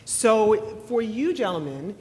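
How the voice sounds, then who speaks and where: A woman's voice: mid-range voice, big pitch swings, slow, darkish tone. Upbeat woman moderating a conference panel. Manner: upbeat, playful, self-described geek. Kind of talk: lively panel presentation. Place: conference hall with audience. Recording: reverberant hall, crowd noise.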